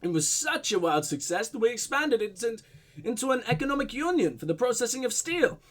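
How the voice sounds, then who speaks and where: A man voicing a smooth, evasive foreign diplomat in a mock Russian-German accent, with a suave, pompous manner. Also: extremely high pitch, big pitch swings, brisk. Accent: mock Russian-German blend.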